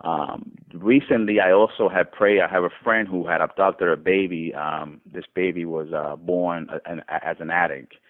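Male testimony speaker, low-ish voice, tinny phone line, animated retelling. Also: normal speed, few pauses. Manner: animated retelling with many restarts, voice rising when quoting others. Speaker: guest telling testimony. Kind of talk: casual testimony storytelling.

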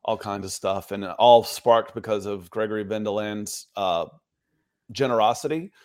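A man's voice: lowish voice, moderate pace, a little mellow. A man co-hosting a casual sports podcast, friendly, reading out supporters' names. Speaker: podcast co-host.

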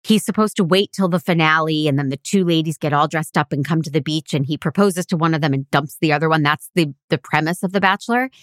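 A woman co-hosting a podcast, chatting casually and telling stories with quick asides. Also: deep voice, no room sound, studio quality. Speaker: podcast co-host. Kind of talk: casual chat.

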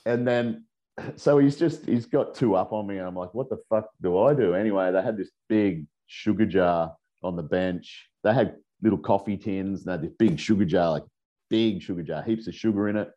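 A man's voice: low voice, moderate pace, mellow, muffled recording. A middle-aged Australian man telling rambling, profane stories in a casual chat, laughing as he goes. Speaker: guest.

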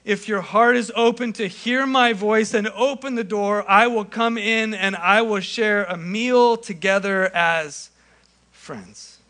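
A young adult male pastor preaching a sermon, acting out scenes with animated storytelling. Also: sits high, takes it slowly.

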